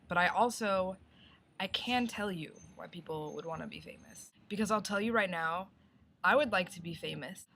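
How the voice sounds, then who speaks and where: A woman's voice: lowish voice, fairly bright tone, slight background noise. A young woman vlogging a casual video response, rambling and thinking aloud with many "like"s.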